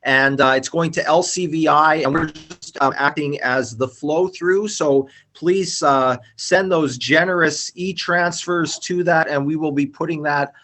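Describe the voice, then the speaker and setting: A man's voice: fairly high pitch, fairly even intonation, a little slow, hardly any pauses, a bit bright. A man hosting a live-streamed reunion chat over a video call, upbeat and talkative, with many fillers and restarts. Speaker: host.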